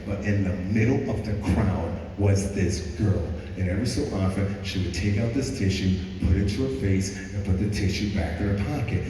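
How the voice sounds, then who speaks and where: A man's voice: on the low side, moderate pace, hardly any pauses, dark tone, a little hiss or hum. A man giving a school assembly talk, telling stories earnestly and repeating phrases for effect, recorded from afar in a large school gym. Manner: earnest, repetitive storytelling. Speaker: motivational speaker. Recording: echoey gym heard from far off.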